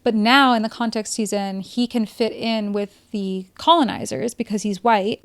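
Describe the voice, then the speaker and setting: A woman talks through a film review as a podcast host, chatty and thinking aloud, with "like" dropped into her sentences. Her voice is smooth and resonant, neither high nor low for a woman. She keeps a loose, conversational flow. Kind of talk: casual spoken film review.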